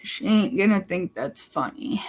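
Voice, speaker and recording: A woman's voice: medium pitch, animated, measured pace, rough recording. A woman live streaming, rambling casually to her chat in a blunt, profane way. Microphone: laptop mic.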